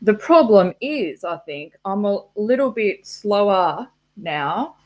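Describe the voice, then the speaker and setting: Slow, rambling woman streamer. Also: mid-range voice, big pitch swings, darkish tone. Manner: rambling, swearing, laughing at herself. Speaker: live-stream host. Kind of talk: casual live-stream chat. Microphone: laptop mic.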